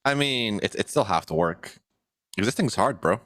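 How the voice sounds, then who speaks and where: A young man co-hosting a podcast in a relaxed, chuckling chat full of fillers. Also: fairly low pitch, normal speed, no echo. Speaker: podcast co-host and editor.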